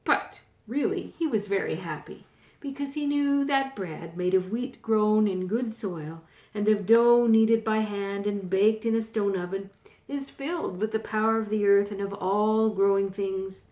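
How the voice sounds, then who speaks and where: Slow-reading grandmother storyteller. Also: medium pitch, reverberant. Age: older. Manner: gentle, pointing out pictures.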